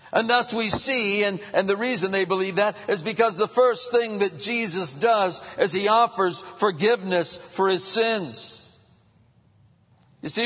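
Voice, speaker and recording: Male preacher, dynamic sermon delivery, slightly high pitch, dull reverberant recording. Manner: dynamic, swings between hushed and raised. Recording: muffled reverberant hall.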